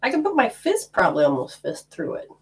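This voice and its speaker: Lively, animated healing teacher woman. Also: on the high side, a little fast. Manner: animated, blunt, swears casually. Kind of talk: casual teaching talk to a group.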